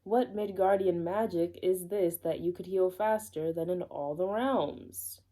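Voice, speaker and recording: Woman doing an earnest, old-fashioned god-warrior man: slow, grand, mellow and low. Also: steady tone. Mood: earnest devoted.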